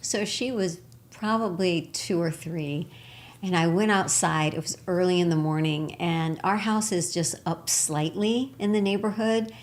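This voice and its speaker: Lively woman with a lowish voice. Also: a little slow. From Texas. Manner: enthusiastic storyteller, laughs often. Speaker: co-host. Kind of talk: spiritual talk show chat.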